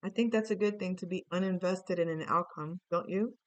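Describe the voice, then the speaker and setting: A woman records a casual, playful tarot reading on her computer, chatting with viewers and singing snatches of song. Her voice is lowish and a little fast, with no echo.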